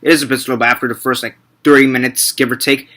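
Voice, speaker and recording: A young man talks through a film review in a loose, rambling way, circling back and correcting himself as he goes. His voice is bright and forward, sitting at a middle pitch, with casual swearing dropped in. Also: level tone, fast talker. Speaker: movie reviewer. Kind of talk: casual movie review vlog.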